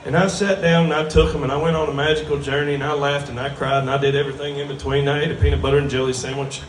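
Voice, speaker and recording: A man's voice: medium pitch, flat delivery, very fast, a little hiss or hum. A man with a drawl doing a crude, self-mocking stand-up set on a bar stage before a live crowd. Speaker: stand-up comedian. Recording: roomy bar sound from a distant mic.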